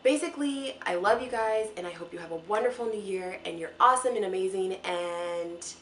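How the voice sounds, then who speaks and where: A woman's voice: medium pitch, fast talker, fairly bright tone. A young woman vlogging to her viewers, talking in an earnest, rambling, encouraging way and close to tears at times. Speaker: mom vlogger. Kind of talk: casual heartfelt talk to camera. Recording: echoey room with faint ambient noise.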